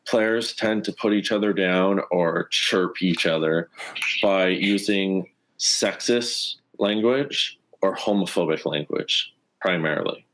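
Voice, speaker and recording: Earnest low-voiced man telling a story. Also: slow. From Canada. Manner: earnest, animated, acts out quoted dialogue. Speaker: former pro hockey player, guest. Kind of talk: conversational storytelling.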